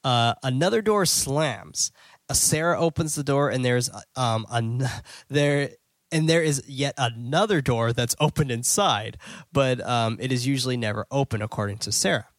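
A man hosting a podcast, recapping a film scene by scene in a loose, chatty way with plenty of fillers and quick self-corrections. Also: mid-range voice, dry recording. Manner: blunt and excitable. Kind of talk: casual scene-by-scene movie recap.

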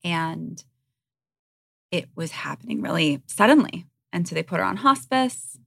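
A woman in her thirties talks frankly and earnestly as a podcast guest. Her voice is low-set with plenty of vocal fry and a bright, forceful edge. The sound is close and dry. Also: lively intonation, a little slow, no room sound. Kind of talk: candid conversational interview.

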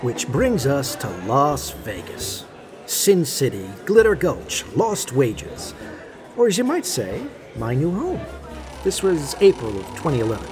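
A cocky card hustler, wry narrator. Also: male voice, mid-range voice, wildly swooping pitch, a little slow, music in the background. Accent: fake Australian put-on over American. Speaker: narrator and poker player. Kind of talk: scripted audio drama.

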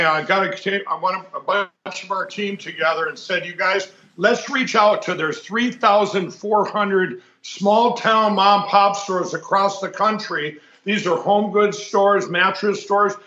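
A man calls in as a guest and pitches products. His voice sits high and sounds bright. He rambles and restarts, and the audio is dull and roomy, like a phone-in. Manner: rambling, halting, salesman-like. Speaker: guest business owner. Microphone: phone line.

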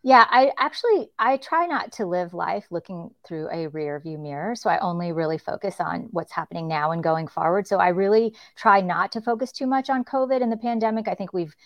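A woman's voice: fairly low pitch, animated, brisk, few pauses, dry recording. A woman executive coach speaking as a panel guest in a direct, encouraging way. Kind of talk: panel discussion.

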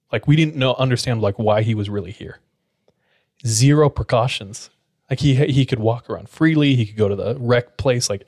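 A man voicing a cautious middle-aged female psychiatric nurse who speaks in a hushed, confiding way. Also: mid-range voice, no echo, studio quality, lightly acted.

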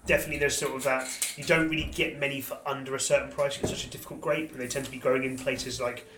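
An English man co-hosting a wine podcast, animated and quick to cut in. He talks at a rapid clip with a bright, forceful tone. The room is echoey. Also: medium pitch, a little hiss or hum. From England. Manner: animated, talks over others. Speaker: podcast co-host. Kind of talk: casual chat. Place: members club room.

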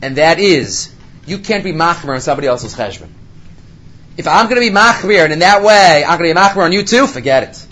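A man's voice: a little high, sing-song, brisk, fairly bright tone. A man teaching a Torah study class, asking rhetorical questions and answering them, with Hebrew study terms mixed into his English.

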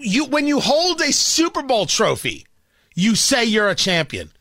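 A man's voice: very high voice, wildly swooping pitch, unhurried, sharp tone, no room sound, clean studio sound. A male talk radio host delivering a combative, ranting opinion monologue, often stumbling and repeating words.

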